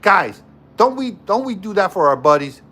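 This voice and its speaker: A man's voice: high voice, sing-song, moderate pace, fairly bright tone. A man hosting a livestream, telling a story to his chat in a casual, joking way and repeating himself often. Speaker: livestream host.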